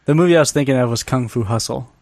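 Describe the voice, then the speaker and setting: A man co-hosting a podcast in casual chat, jokey and animated, laughing often. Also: medium pitch, rapid-fire, no echo. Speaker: podcast co-host.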